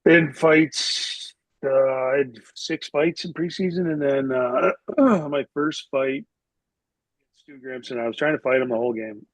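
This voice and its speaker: A man's voice: mid-range voice, a little slow, no room sound, low-quality recording. A man from Canada, a podcast guest and former hockey player, telling casual anecdotes in a rambling way full of "like" fillers. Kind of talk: casual storytelling.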